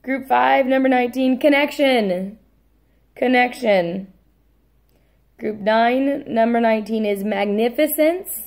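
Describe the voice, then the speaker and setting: A woman teacher dictating a spelling test. She says each word slowly and repeats it, adds brief asides, and apologizes when she corrects herself. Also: a little high, creaky, a little mellow.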